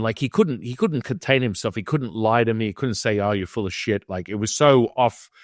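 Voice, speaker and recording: A man guest on an interview show, telling a personal story in a casual, animated way and acting out the people in it. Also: lowish voice, no room sound, studio quality. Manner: animated, acts out quoted dialogue. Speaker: guest, Taoist teacher.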